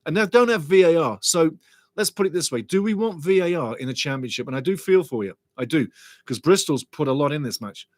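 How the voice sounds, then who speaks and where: A middle-aged man hosts a live football watch-along, calling the play with excitable, chatty energy. His voice sits a touch high, and the sound is dry and close with no room around it. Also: brisk, dry recording. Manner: excitable, chatty, reads viewer comments aloud.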